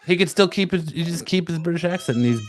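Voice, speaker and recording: A man's voice: on the high side, fast, a little hiss or hum. A man co-hosting a casual podcast, reading news stories aloud and riffing loosely on them.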